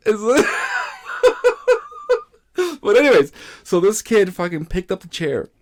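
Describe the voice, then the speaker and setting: A man co-hosts a loose, profane podcast conversation, his voice lifted a bit above the usual pitch. He tells stories animatedly, swinging his pitch widely and breaking into big laughs. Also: fairly quick. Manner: animated storyteller, swears a lot, bursts into loud laughter. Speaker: podcast co-host. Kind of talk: casual chat.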